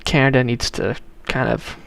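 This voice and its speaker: A man's voice: medium pitch, flat delivery, normal speed, vocal fry, fairly bright tone, slight background noise. A young man streaming a video game, chatting casually and bluntly with his viewers. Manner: blunt, opinionated, talks to chat viewers. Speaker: livestreamer. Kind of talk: casual chat while playing a video game.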